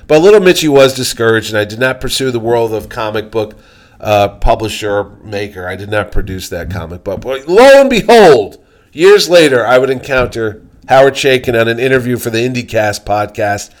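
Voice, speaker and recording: A man telling a story on a podcast in a loose, chatty way, slipping into the voices of the people involved. His voice is animated and unpolished. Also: medium pitch, normal speed. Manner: animated, acts out quoted voices. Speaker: podcast host. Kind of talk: casual storytelling.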